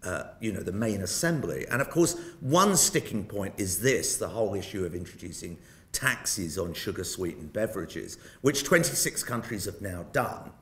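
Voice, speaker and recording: Older British male guest lecturer, anecdotal and self-mocking, lively delivery. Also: low-pitched, normal speed. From Britain. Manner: wry storyteller with self-mocking jokes. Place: lecture hall. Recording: roomy hall sound.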